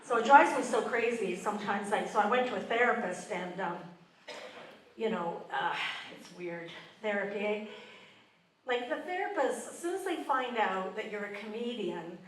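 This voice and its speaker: Older Canadian comedienne, chatty live stand-up set; distant stage mic with audience noise behind. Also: female voice, mid-range voice, animated, moderate pace. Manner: self-deprecating, conversational with the crowd. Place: theatre stage. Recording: roomy live venue mic, audience ambience.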